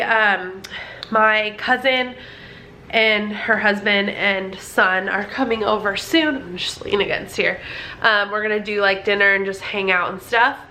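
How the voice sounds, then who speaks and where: Bright-voiced chatty woman vlogging at home. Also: medium pitch, slight background noise. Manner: chatty and rambling, many "like" and "um" fillers. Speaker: family vlogger. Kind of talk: casual vlog chat to camera. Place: indoors at home near a running dryer.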